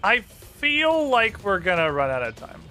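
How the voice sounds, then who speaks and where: A man streaming a game, chatting casually and excitably, swearing now and then. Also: high-pitched, a little slow, soft background music. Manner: excitable, swears casually, baby-talks to a puppy.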